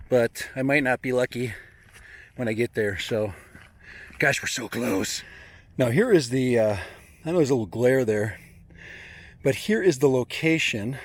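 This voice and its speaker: A man's voice: mid-range voice, fairly bright tone, dry recording. A man narrating a casual outdoor vlog while hiking through open country, chatty and rambling and often chuckling. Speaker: drone hobbyist vlogger.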